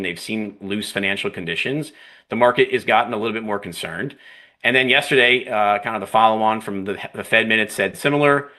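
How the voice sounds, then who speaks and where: A man gives market analysis during a live trading stream. He talks fluently and analytically, often tagging his phrases with "right?" and "you know." His voice sits low but has a bright, crisp edge.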